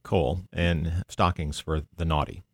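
A man's voice: low-pitched, steady tone, a little slow, dry recording, studio quality. A man hosting a radio show, asking polite but probing questions of his guests. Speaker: radio host. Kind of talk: radio interview.

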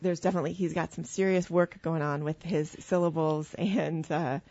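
A woman's voice: low-pitched, steady tone, normal speed, warm tone, dry recording. A woman hosting a casual conversation, thinking aloud hesitantly with frequent restarts. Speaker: host. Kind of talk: casual interview chat. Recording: dry, dull lo-fi recording.

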